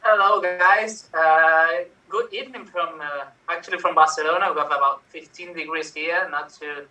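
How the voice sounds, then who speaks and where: A man's voice: on the high side, fairly even intonation, normal speed, pushed and bright. Cheerful man in an echoey room. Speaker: improv player. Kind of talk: casual chat on a video call. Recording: echoey room, distant mic.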